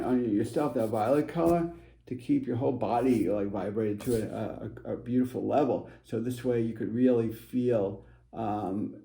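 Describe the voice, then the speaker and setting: Gravelly, dark-voiced man giving a rambling reading. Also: mid-range voice, echoey room, poor audio. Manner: rambling, repetitive, reassuring, with many fillers and restarts. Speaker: spiritual advisor giving card readings. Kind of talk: casual tarot-style card reading to camera.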